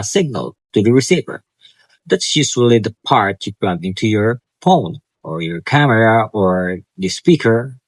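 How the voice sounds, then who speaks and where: A male student vlogger eagerly walks through his home tech in a casual style, making small slips and restarting sentences. His voice sits on the low side, captured dry on a clip-on wireless mic.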